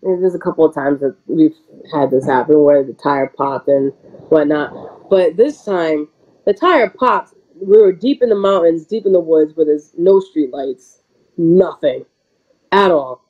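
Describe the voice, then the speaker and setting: Speaking low, a woman who wrestles professionally recounts a story during a casual interview. She's lively and talkative, dropping "like" often and laughing quickly, though the recording is muffled.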